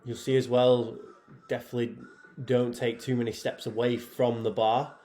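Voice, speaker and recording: A man, head programmer and athlete, talking casually over his own workout footage in a relaxed, chatty way with many fillers. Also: mid-range voice, moderate pace.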